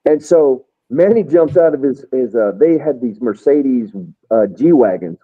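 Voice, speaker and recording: A man's voice: mid-range voice, animated, a little slow. An American man, a retired first sergeant, casually telling army stories and acting out what others said. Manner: rambling storyteller, acts out quoted soldiers. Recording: tinny phone-like line.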